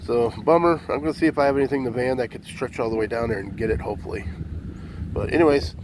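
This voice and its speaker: A man's voice: mid-range voice, fast, noisy background. A man vlogging from his van and by the water, talking in a folksy, rambling way and calling his viewers "folk", filmed on a handheld phone. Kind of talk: casual vlog chat. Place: outdoors by water and inside a van.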